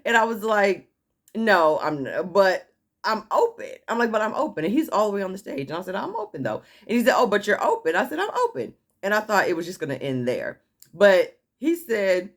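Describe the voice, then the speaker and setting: A woman's voice: medium pitch, brisk. A woman vlogger casually telling a personal story, acting out what others said and laughing as she goes. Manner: animated, laughing, acting out quotes.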